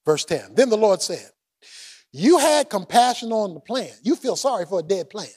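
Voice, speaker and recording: Brief: male preacher, high-pitched and animated, big swings from shouted lines to quiet asides. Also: normal speed, a little hiss or hum. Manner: animated preaching, acting out the prophet's complaints with humor; shifts between shouting and low asides. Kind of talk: sermon.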